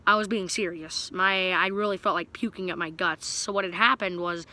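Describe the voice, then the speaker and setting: A man's voice: high-pitched, fairly even intonation, normal speed, pushed and bright. A young man telling a story to his viewers in a rambling, casual way, full of fillers and restarts. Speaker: vlogger.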